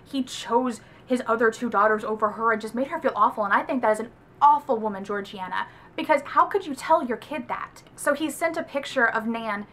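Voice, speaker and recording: A woman from the American South giving a casual, chatty book review vlog, with lots of "like" fillers. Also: on the high side. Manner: chatty, animated, heavy use of "like".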